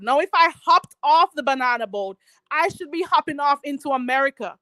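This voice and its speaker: A woman's voice: high-pitched, normal speed, a bit bright, no echo. A Jamaican woman ranting on a live stream, sassy and mocking, calling her target "child". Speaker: vlogger.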